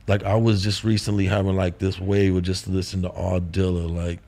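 A man's voice: low-pitched, a little fast, gravelly. A man from California's San Fernando Valley chatting casually, easygoing, filling his talk with "like" and "bro". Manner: flat, easygoing, frequent "like" and "bro". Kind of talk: casual chat.

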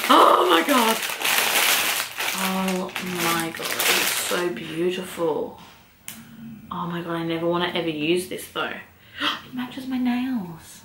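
A young woman vlogger chatting excitedly through an unboxing, gushing and exclaiming, with casual swearing. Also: fairly low pitch, slow pace. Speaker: book vlogger. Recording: echoey room, faint noise.

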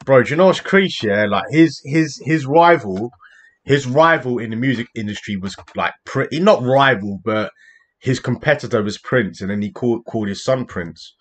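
A man hosting a reaction video, chatting casually, excitable and laughing often. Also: medium pitch, normal speed.

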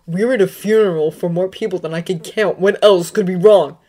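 A grieving young man in a storybook, withdrawn and curt, who answers in a low, quiet, clipped voice, as a woman reads him. He gives short replies and keeps people at a distance. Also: steady tone, normal speed. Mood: anguished.

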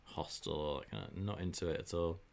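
A man's voice: low-pitched, expressive, fairly quick, creaky, darkish tone. A man, streaming a video game and chatting in a joking way. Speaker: gaming streamer. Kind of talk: casual game commentary.

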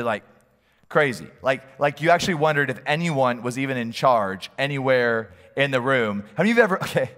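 A man's voice: medium pitch, a bit bright. A middle-aged male pastor preaching a sermon in a church, telling stories in a conversational, humorous way. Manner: storytelling, conversational, humorous asides. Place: church hall. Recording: long hall reverb.

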